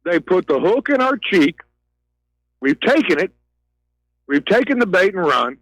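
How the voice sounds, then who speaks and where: Agitated ranting man, high voice. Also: sing-song, measured pace, a bit bright, no room sound, rough recording. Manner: agitated, ranting, repeats words. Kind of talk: heated talk radio call.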